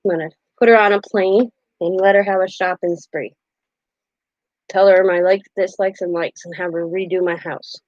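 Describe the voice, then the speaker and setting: Older woman, live-stream host, chatty and quick to laugh; dull, dry home recording. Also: fairly low pitch, steady tone, a little mellow, no echo. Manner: chatty, laughs often, acts out quotes. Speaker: craft channel host. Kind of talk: casual live-stream chat.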